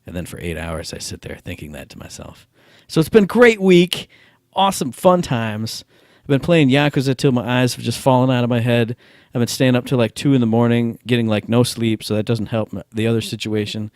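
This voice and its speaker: A man's voice: medium pitch, a little fast, a little mellow, no echo, studio quality. A man co-hosting a casual gaming podcast over a Skype call, wry and self-deprecating. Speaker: podcast co-host.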